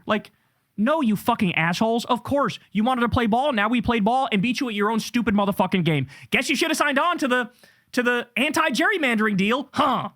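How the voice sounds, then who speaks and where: A man's voice: extremely high pitch, lively intonation, brisk, a bit bright. A man giving a heated, profane political rant in sarcastic commentary. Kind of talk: ranting commentary.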